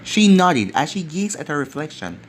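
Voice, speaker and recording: A man's voice: fairly high pitch, big pitch swings, normal speed, slight background noise. A man narrating a fan fiction story aloud in a plain, run-on storytelling way, over faint music.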